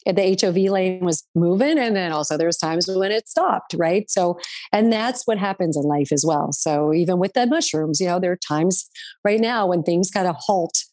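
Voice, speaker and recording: Middle-aged woman guest, lower voice, earnest and rambling, dry close mic. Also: moderate pace, darkish tone, no echo. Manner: rambling, lots of fillers and restarts, earnest. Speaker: guest, author. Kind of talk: casual interview chat.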